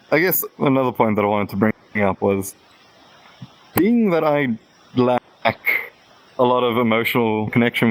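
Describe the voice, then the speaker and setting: A man's voice: mid-range voice, poor audio. A man guest on a podcast, candidly telling a personal story in casual chat, acting out both sides of the exchanges and laughing now and then. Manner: candid, rambling storytelling with quoted back-and-forth.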